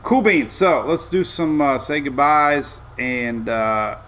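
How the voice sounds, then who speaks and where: A middle-aged man hosting a casual live weather show, rambling and easygoing with excitable asides. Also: a little high, takes it slowly, a little hiss or hum.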